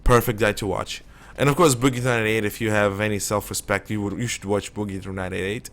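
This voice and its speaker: A man's voice: lowish voice, little pitch movement, brisk, fairly bright tone. A man streaming a shooter game live, rambling and opinionated as he plays. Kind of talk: casual live gameplay commentary.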